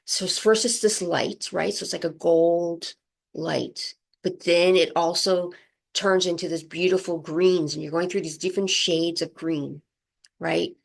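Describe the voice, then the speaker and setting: A woman hosting a spiritual energy talk, speaking softly and flowingly, often checking in with "right?", moved close to tears. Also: lowish voice, steady tone, a little slow, vocal fry. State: emotional, near tears. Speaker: spiritual channel host.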